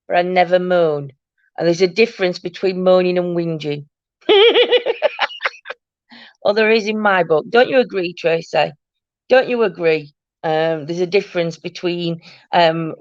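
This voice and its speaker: A woman's voice: lowish voice, dry recording. A chatty woman hosts her live stream from home, bantering with viewers and laughing easily. Her voice comes through a webcam mic, dry and a little muffled. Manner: chatty and bubbly, laughs often, teasing. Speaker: host of a paranormal live stream. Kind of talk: casual live-stream chat, reading out viewer comments.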